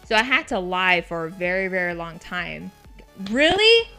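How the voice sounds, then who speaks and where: A woman's voice: fairly low pitch, moderate pace, gravelly, bright, forceful tone, clear, resonant tone, faint music behind. A young woman hosting a game stream, chatting candidly and swearing freely. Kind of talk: casual chat.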